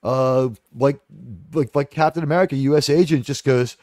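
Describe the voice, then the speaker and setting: A man's voice: mid-range voice, steady tone, moderate pace, darkish tone, no room sound, studio quality. A man giving a casual, rambling film review, profane and full of fillers. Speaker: movie reviewer.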